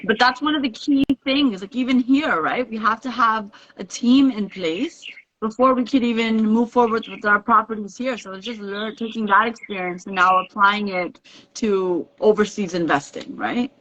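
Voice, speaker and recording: A woman guest, calmly explaining her real estate investing in a casual podcast interview, often adding "right?" as a tag. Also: mid-range voice, normal speed, muffled recording.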